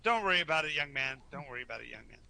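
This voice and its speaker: Man voicing jolly old dwarf, bright and hearty, lifts the pitch, game-table character. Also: animated, normal speed. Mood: reassuring. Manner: hearty, calls the listener young man. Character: jovial old male dwarf, reassuring and fond.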